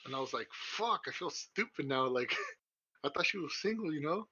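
A man's voice: fairly high pitch, animated, normal speed, pushed and bright, husky. A young man co-hosting a podcast, rambling through crude stories with lots of swearing and laughter. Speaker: podcast co-host. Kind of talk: casual chat. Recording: muffled lo-fi recording.

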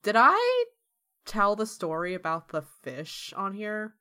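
Bright-voiced woman, easygoing podcast co-host. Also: medium pitch, wildly swooping pitch, slow. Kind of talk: casual chat.

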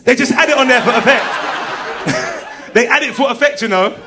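A man doing stand-up, telling an animated story. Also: very high voice, normal speed, background noise. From England. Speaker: stand-up comedian.

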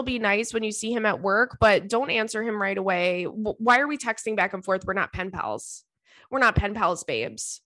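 A woman's voice: mid-range voice, pushed and bright, no echo, clean studio sound. Chatty, blunt woman podcast host. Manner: chatty, blunt, profane, laughs often. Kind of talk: casual advice chat.

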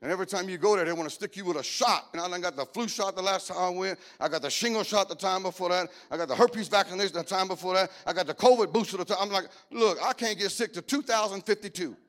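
A middle-aged male preacher delivers his sermon in a loose, lively way, slipping in jokes and stories as he goes. His voice sits notably high for a man. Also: fast, few pauses. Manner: lively, joking storytelling preacher style.

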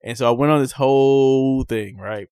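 A man co-hosting a podcast, chatting casually and telling animated stories, acting out quotes. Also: medium pitch, moderate pace, smooth, dry recording. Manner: animated storyteller, acts out quotes. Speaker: podcast co-host. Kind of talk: casual chat.

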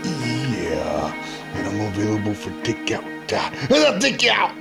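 A man's voice: on the low side, wildly swooping pitch, measured pace, vocal fry, heavily acted. A man voicing a brash male wrestler in a parody ad, boastful and threatening over a music bed. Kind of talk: parody radio ad.

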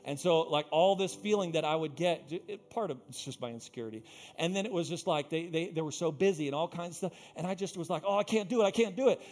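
A male pastor delivers a sermon in a slightly high voice at a quick pace. He swings from quiet asides to loud, emphatic peaks, with playful humor at his own expense.

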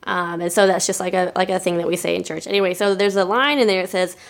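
A woman podcast host telling a story in a casual, lively, emphatic way. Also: on the low side, quick pace, vocal fry.

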